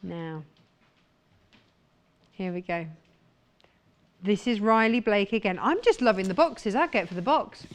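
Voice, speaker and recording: A woman's voice: mid-range voice, expressive, unhurried, pauses often. A woman presenting sewing products on a live shopping channel, talking with gushing enthusiasm. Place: TV studio.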